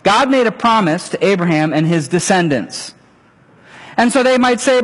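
A man's voice: sits high, moderate pace, breathy edge. A middle-aged man preaching a sermon, telling stories and acting out little voices as he goes. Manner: animated, storytelling with acted-out voices. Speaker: pastor. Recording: long hall reverb.

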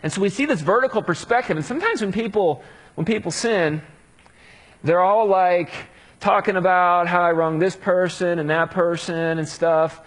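A man preaching a sermon in a relaxed, conversational way, acting out the voices of people he quotes. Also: sits high, normal speed. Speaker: pastor.

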